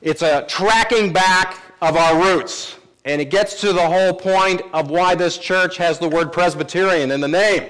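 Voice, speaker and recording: High pitched guy preaching a sermon, explains verse by verse, repeats for emphasis. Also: a little slow, hardly any pauses, a bit bright, rough recording. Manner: teaching, emphatic repetitions. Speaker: pastor.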